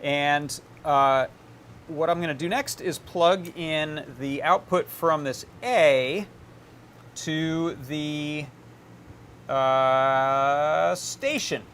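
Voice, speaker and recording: A man hosting a live electronics workshop, explaining his setup in a relaxed, casual way with plenty of filler words as he tinkers. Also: a little high, extremely slow, slight background noise.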